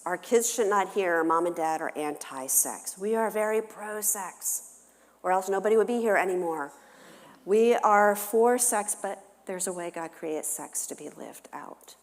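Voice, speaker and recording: A middle-aged woman counselor giving a church talk, telling family stories with animation and acting out her children's voices. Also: on the low side. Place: church sanctuary. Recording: long hall reverb.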